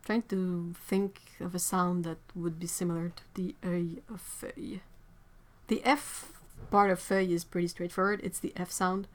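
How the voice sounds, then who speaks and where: A woman's voice: lowish voice, little pitch movement, moderate pace. A woman hosting an art livestream from home. She chats casually, reads viewer comments aloud, rambles and laughs often. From Quebec, Canada. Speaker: artist livestream host.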